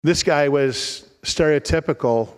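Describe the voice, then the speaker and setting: Pastor guy preaching, kinda high voice, repeats himself a lot, big echoey church. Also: unhurried, smooth. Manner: repeats words and restarts, earnest storytelling. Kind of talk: sermon.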